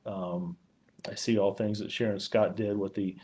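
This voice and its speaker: A man, a police chief, talking warmly and haltingly on a live community stream, choked up at times and full of fillers. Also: lowish voice, steady tone, breathy edge. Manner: heartfelt, rambling, frequent fillers. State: choked up with emotion.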